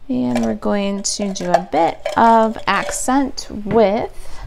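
A woman's voice: medium pitch, slow pace, vocal fry, a little mellow, a little hiss or hum. A woman demonstrating a craft project step by step, chatting and thinking aloud as she works at a home craft table.

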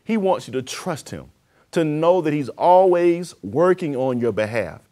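A man preaching and praying as host of a televised sermon, his voice swelling louder and then dropping low. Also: animated, measured pace. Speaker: apostle and TV program host.

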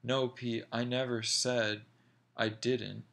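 A man reading a young woman's lines softly and quickly, apologetic and tender. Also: mid-range voice, flat delivery, creaky.

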